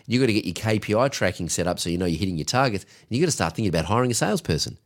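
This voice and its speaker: A man's voice: lowish voice, lively intonation, rapid-fire. A man co-hosting a business podcast, coaching in an emphatic, directive way. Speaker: podcast co-host, agency coach.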